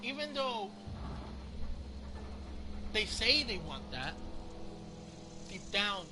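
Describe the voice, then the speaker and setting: A man giving a profane, rambling, excited rant as he reviews a movie. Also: high-pitched, very slow, over music. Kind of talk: casual rant.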